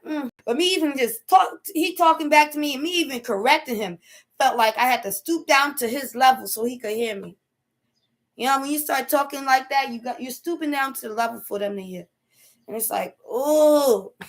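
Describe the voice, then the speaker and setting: A woman with a high, light voice talks straight to her viewers in a casual motivational live stream. She is preachy and emphatic, with loose slangy grammar, and she keeps checking in with "okay?". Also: a bit bright. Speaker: host.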